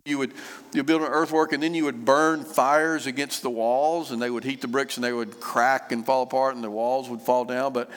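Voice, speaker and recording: A man preaching a sermon, unhurried and conversational, with frequent fillers and repeated phrases. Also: mid-range voice, a bit bright. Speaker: pastor. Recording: long reverb of a church hall.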